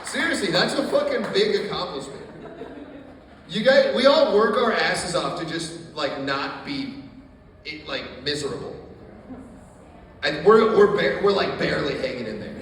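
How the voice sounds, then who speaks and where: A man tells dark, deadpan stand-up jokes to a tiny crowd in a coffee shop, swearing freely. His voice sits a little high. He sounds distant, with a long echo from a hard room and a faint hiss behind him. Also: unhurried. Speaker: stand-up comedian. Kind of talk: stand-up set. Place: small coffee shop stage.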